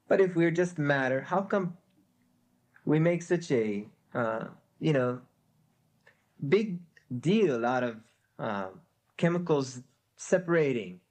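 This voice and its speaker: A man's voice: on the high side, darkish tone. A man teaching a spiritual lecture with a story, hesitant with many fillers and a wry humor.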